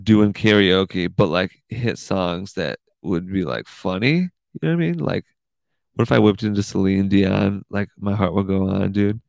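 Low-pitched, gravelly and a bit dark in tone, this man talks at normal speed with no echo. Hosting his own podcast, he rambles in a goofy, casual monologue, tacking "dude" onto almost everything.

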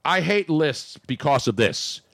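A man's voice: fairly high pitch, big pitch swings, a little slow, creaky, a bit bright, no room sound. A man, hosting a radio show with joking, rambling banter that often stops and restarts. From Philadelphia. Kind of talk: casual comedic radio banter.

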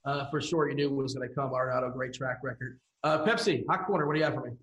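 A man hosting a fantasy baseball strategy show from an office, briskly handing topics to his co-hosts. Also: medium pitch, a bit bright. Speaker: host. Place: office room. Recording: echoey office room.

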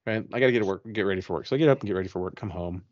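A man's voice: sits low, very fast, dry recording, lo-fi sound. A man on a podcast casually telling a ghost story, profane and rambling, acting out his own reactions. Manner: profane, rambling, animated retelling.

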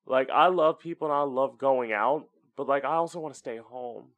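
The audio is narrow and tinny as this podcast host chats at normal speed in a mid-range voice. Alone at home, he speaks candidly and casually, swears a lot, and puts on voices to make his points.

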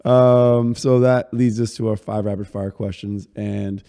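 A man hosting an interview, asking casual questions in a relaxed, hesitant way with fillers. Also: lowish voice, unhurried. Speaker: host.

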